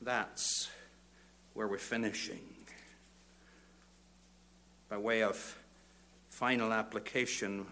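An older man, preaching a sermon that moves from quiet reflection to loud, fervent exhortation. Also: fairly low pitch, fairly even intonation, normal speed, pauses often. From Northern Ireland.

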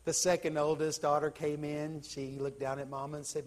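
A male pastor preaching with fervor, his voice sitting fairly high and moving from hushed lines to loud ones as he tells a story. Each line hangs in a long church-hall reverb. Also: level tone, moderate pace. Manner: impassioned, swinging from hushed to loud. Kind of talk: sermon storytelling.

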